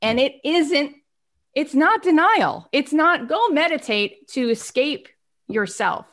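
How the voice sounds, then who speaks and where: A woman giving an earnest, emphatic self-help talk, swinging between soft and animated. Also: on the high side. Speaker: inspirational speaker.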